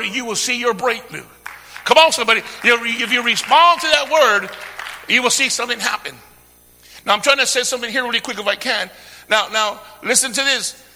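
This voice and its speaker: A man preaching a sermon, using call-and-response, swinging from hushed talk to shouting. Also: very high voice, vocal fry, big-room sound. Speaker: pastor.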